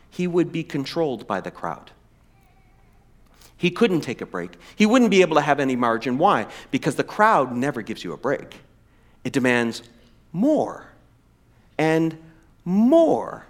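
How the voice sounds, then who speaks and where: A middle-aged pastor delivers a sermon in a high voice that swings widely in pitch. His delivery is emphatic and animated, with sudden slow, weighty phrases. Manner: animated, emphatic preaching with dramatic slowdowns.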